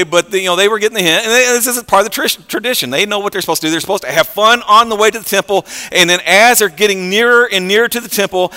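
A man preaching a sermon in a conversational, animated way, with frequent fillers and restarts. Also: high-pitched, clean tone, long reverb tail.

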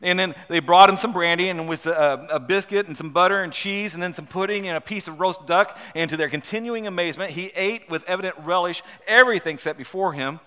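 A man preaching a storytelling sermon, halting and repeating words as he asks rhetorical questions and reads aloud from a book. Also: sits high, bright, forceful tone, smooth. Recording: long hall reverb.

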